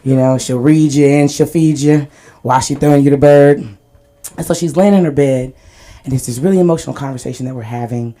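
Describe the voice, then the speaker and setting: A woman's voice: extremely low pitch, fairly quick, mellow. A woman doing a stand-up set at an open mic, telling stories and laughing at her own jokes, on a small club stage. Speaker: stand-up comedian.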